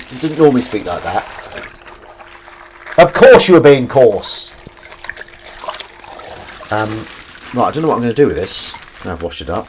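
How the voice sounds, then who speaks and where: Against slight background noise, a man with a medium-pitched voice livestreams from his kitchen as he washes up. He chats casually with viewers and reads their comments, rambling and poking fun at himself.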